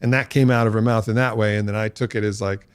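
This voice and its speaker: A man with a fairly low voice speaks as a podcast guest, recorded close and dry with no room sound. He talks in a reflective, candid way, slows to weigh his words, then turns lively and laughs as his storytelling builds. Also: clean tone, dry recording. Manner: reflective, animated when telling a story, laughs often.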